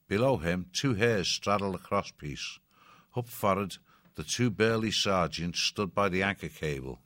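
A man reading an adventure story aloud as an audiobook narrator, measured and expressive. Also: sits low, no room sound, clean studio sound.

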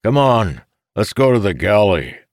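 Guy doing a brash young buddy, loud and grinning, pitched way up, dry. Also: big pitch swings, measured pace, no room sound. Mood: teasing. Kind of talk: audiobook character voice.

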